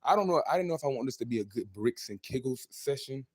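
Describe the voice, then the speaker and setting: A man in his twenties hosting a casual livestream, talking freely with his viewers, animated and swinging between loud outbursts and mumbled asides. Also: medium pitch, fast talker. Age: 20s. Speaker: livestream host.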